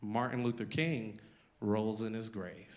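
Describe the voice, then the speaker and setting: A man quoting his girlfriend in a flat, lowered lecturing tone. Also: measured pace, noisy background, lightly acted. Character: argumentative girlfriend, preachy and self-righteous.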